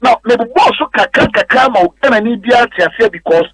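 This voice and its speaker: A man's voice: extremely high pitch, lively intonation, a bit bright, rough recording. A man with a Ghanaian accent analysing football on a radio sports show in a studio, hammering his points with repeated words. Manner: rapid code-switching, repetitive emphatic delivery.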